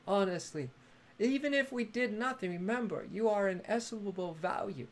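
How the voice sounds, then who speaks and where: A man's voice: high voice, normal speed. A man hosting a live-streamed spiritual talk, effusive and affectionate, who laughs often and greets his viewers by name.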